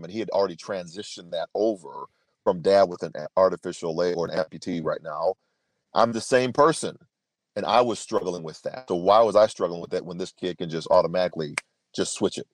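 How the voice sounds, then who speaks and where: With a deep voice and no room sound, a man in his fifties appears as a podcast guest. He earnestly tells a personal story in answer to an interview question, stressing his points and starting his sentences over often.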